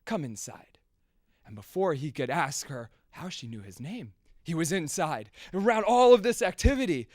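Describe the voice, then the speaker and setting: Animated high-voiced male storyteller. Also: moderate pace, no room sound, clean studio sound. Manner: animated, swinging from loud to hushed, sound effects. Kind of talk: folk tale storytelling.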